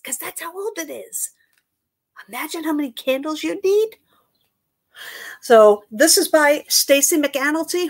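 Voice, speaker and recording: A woman, a children's librarian from Queens leading an upbeat, sing-song story time with songs. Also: fairly high pitch. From Queens, New York.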